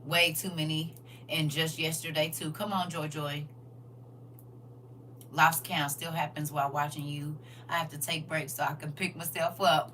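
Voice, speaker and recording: A woman hosting a livestream, chatting casually with her viewers in a churchy, testifying tone, expressive and laughing often. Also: mid-range voice, unhurried, distant mic. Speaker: livestream host reading viewer comments.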